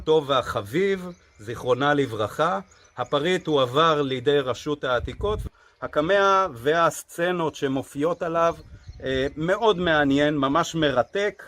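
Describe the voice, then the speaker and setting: Fast-talking man explaining an artifact. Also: on the high side, fairly bright tone. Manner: rapid talk with hesitant fillers. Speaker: guide presenting an artifact. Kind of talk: on-camera explanation.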